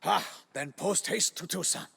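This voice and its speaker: Rich: a duty-bound knight from a video game, delivering formal, archaic speech in measured phrases. His tone is bright and husky, trailed by a long reverb. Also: high-pitched, exaggerated voice. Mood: solemn.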